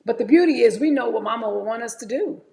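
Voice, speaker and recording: This woman in her forties hosts a livestream, chatting candidly with viewers, whom she often calls "y'all," while preparing fruit. Her voice sits on the high side with lively intonation, and she talks fast in a gravelly, darkish tone over slight background noise.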